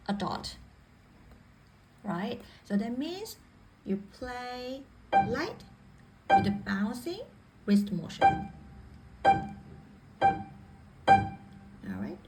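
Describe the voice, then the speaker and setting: A woman's voice: on the high side, rough recording. A woman teaching piano technique in a patient way, repeating and rephrasing each point. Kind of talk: spoken instruction. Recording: faint piano music behind. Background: piano playing.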